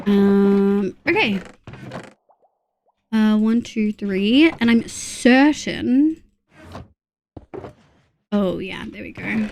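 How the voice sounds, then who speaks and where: A woman's voice: medium pitch, extremely slow, creaky, pauses often, darkish tone, a little hiss or hum. A woman from Australia streaming a game, counting items under her breath between chatty asides to her viewers. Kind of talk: casual gameplay chat with chat readers.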